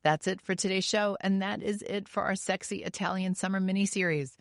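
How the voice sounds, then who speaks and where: A woman with a Staten Island New York accent hosts a podcast in easy, chatty conversation. Her voice sits at a middling pitch and sounds close and dry, with no room around it. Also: steady tone, brisk, no room sound. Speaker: podcast host. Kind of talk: casual interview chat. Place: recording studio.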